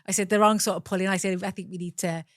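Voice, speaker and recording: A woman's voice: medium pitch, steady tone, rapid-fire, no room sound, studio quality. A middle-aged woman from Wales with a South Welsh accent, a guest telling her own story candidly, swearing freely and acting out the voices of people in it.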